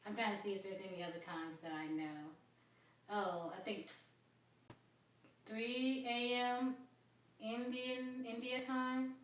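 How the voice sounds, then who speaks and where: A woman hosts a casual livestream on her phone, chatting and rambling to viewers in a higher, level voice, speaking slowly and pausing often. She's far from the mic in a very echoey room, with a little hiss or hum.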